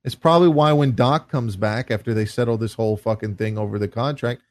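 A man's voice: medium pitch, fairly quick, a little mellow, no room sound. A man ranting profanely in casual podcast chat.

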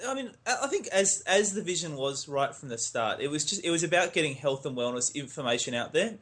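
A man's voice: a little high, a bit bright. A middle-aged Australian man chatting casually on a podcast, rambling with frequent restarts. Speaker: podcast network founder and co-host.

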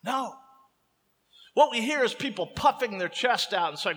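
Male pastor, high voice, slow deliberate sermon delivery, long hall reverb. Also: animated, fairly bright tone. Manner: impassioned preaching, dramatic slow emphasis.

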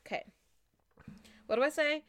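A young woman vlogging a spooky ritual with a friend, talking casually and getting excitable and shrieky. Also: normal speed, no echo. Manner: excitable, shrieks and laughs when scared.

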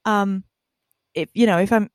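A woman hosting a podcast conversation, speaking in a halting, emphatic way with many restarts. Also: medium pitch, steady tone, no echo, studio quality. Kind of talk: candid conversation.

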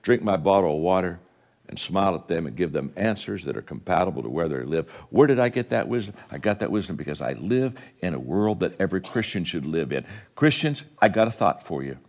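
A man preaching a sermon, telling stories with quoted dialogue, rising to fervent exhortation and closing in soft prayer. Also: animated, brisk. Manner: impassioned, climbing high and loud when exhorting. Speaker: guest preacher.

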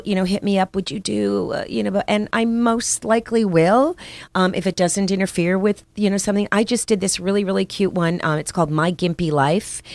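A woman's voice: medium pitch, no room sound. A woman actress, chatting casually in an interview with lots of fillers and restarts. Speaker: actress guest.

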